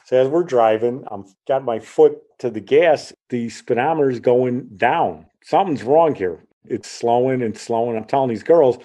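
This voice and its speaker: A man's voice: mid-range voice, moderate pace, few pauses. A middle-aged man from Chicago telling a personal story in a casual way, acting out the voices of the people in it. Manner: animated, acts out the voices in his story.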